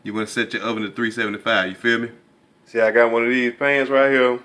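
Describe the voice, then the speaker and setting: A man's voice: mid-range voice, level tone, quick pace, sharp tone. A man talking casually as a home cook in a cooking vlog, laid-back and rambling, often asking viewers whether they follow him. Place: home kitchen. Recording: echoey kitchen, faint background noise.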